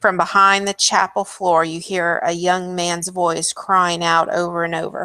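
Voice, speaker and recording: A woman narrating a tabletop game as dungeon master, unhurried and descriptive, with frequent ums. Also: fairly low pitch, flat delivery, pushed and bright, no room sound.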